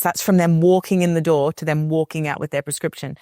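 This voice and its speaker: Woman, earnest and low-voiced. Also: fairly quick, few pauses, smooth, dry recording, studio quality. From Australia. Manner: earnest, animated when retelling clients' words. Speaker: podcast guest. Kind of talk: conversational explanation.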